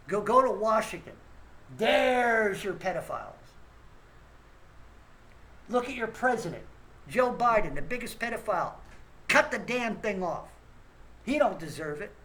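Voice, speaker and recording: A man's voice: high voice, fairly bright tone, low-quality recording. A man hosting his own rant show, scolding listeners in a blunt, profane and repetitive way. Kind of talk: angry ranting monologue.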